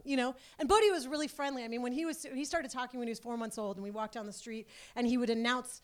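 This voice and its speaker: A woman's voice: high voice, fairly quick, a bit bright. A woman of about forty telling a personal story casually, rambling with lots of "like" and "you know". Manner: rambling, filler-heavy, chatty.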